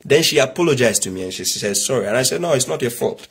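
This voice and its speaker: A fast-talking middle-aged man from Nigeria, his mid-range voice husky and expressive, gives an emphatic, preachy monologue as a religious commentator. He fires rhetorical questions and tells stories about his family.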